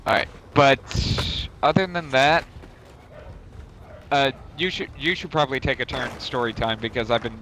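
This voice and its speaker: A man's voice: medium pitch, fairly even intonation, measured pace, pushed and bright. A young man streaming a game, telling a long rambling story in casual chat, swearing freely and correcting himself as he goes. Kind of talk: casual chat while gaming. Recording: noisy stream audio.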